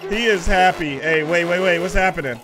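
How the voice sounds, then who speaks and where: A man playing a video game, commenting to viewers in a chatty, excitable way and talking back to the game. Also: high voice, brisk. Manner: excitable, talks to the game, rises to loud outbursts. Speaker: gaming YouTuber. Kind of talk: let's play commentary. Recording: music from the game behind the voice.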